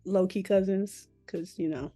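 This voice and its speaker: A woman's voice: mid-range voice, a little slow, dark tone, no echo, soft background music. A young woman hosting a podcast, chatting in a laid-back, slangy, playful way and closing with a prayer. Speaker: podcast host. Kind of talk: casual chat and closing prayer.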